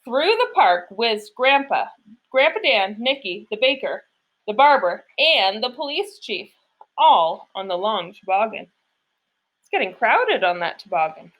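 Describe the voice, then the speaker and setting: Bright, animated woman reading a storybook. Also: fairly high pitch, a little slow. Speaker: storybook reader. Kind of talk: reading a picture book aloud.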